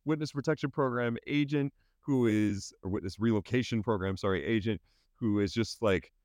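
A man co-hosting a podcast in casual chat, laughing often and stammering when he gets excited. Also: fairly low pitch, moderate pace, no echo, clean studio sound. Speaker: podcast co-host.

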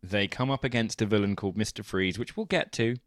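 A man co-hosting a casual film podcast, giving wry, deadpan summaries and jokes. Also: lowish voice, fairly quick, no room sound, studio quality. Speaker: podcast co-host. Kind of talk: casual film-review chat.

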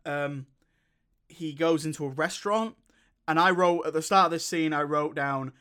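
A man's voice: a little high, normal speed, bright, forceful tone, clean tone. A man co-hosting a casual film review podcast, rambling through the plot and laughing as he retells scenes. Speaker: podcast co-host.

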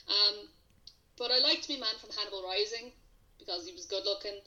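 Woman, podcast co-host, bright tense voice, enthusiastic, dull lo-fi recording. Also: medium pitch, a little fast. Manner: enthusiastic and conversational. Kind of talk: casual film discussion. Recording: dull lo-fi microphone.

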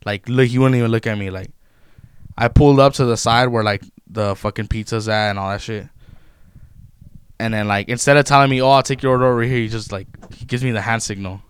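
A young man, telling stories in a loose, profane, animated way in casual chat. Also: medium pitch, fast, smooth. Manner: profane, animated retelling of customer-service run-ins.

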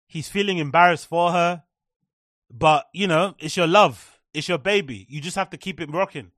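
A man with a high voice delivers sarcastic, profanity-laced commentary as a podcast host. His sound is dry and close, with no room around it. He slips into mocking impressions mid-rant. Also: normal speed, fairly bright tone, no room sound. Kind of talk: comedic commentary on clips.

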